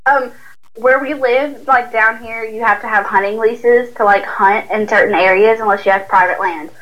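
A woman's voice: fairly high pitch, fairly even intonation, normal speed, fairly bright tone. A young woman with a Southern US accent, chatting as a guest in a laid-back way, full of "like" fillers. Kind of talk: casual chat. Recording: tinny phone line.

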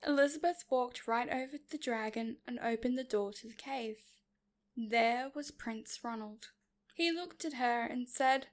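A woman reading a children's story aloud, narrating calmly and clearly. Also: a little high, a little slow.

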